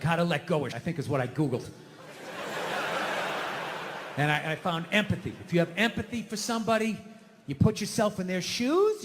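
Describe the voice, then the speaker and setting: A middle-aged man doing a stand-up comedy set on stage, ranting loudly and swinging from low mutters to yells. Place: comedy stage in a large venue. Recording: reverberant hall, faint noise.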